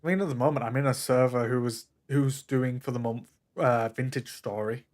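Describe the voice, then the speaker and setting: Guest, young man, Northern English accent, mid pitch, blunt, easygoing. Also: normal speed, darkish tone. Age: young adult. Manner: laid-back, blunt, swears casually. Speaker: guest in chat. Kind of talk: casual chat.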